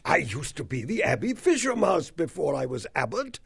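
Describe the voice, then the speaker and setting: Old mouse abbot, slow, gravelly and husky. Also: male voice, a little high, big pitch swings, no echo, heavily acted. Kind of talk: full-cast audiobook acting.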